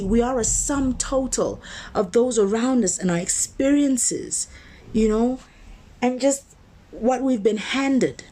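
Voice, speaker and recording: A woman minister giving a motivational sermon-style talk. She speaks conversationally and with emphasis, slowing down to stress key words and building her points through repetition. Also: fairly high pitch, dark tone.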